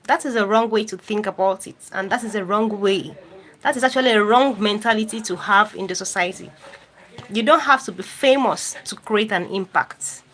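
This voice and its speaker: A woman's voice: medium pitch, normal speed, fairly bright tone, low-quality recording. A woman hosting a live stream, reading viewer comments aloud and answering them directly, repeating phrases for emphasis. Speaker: YouTube host reading live chat.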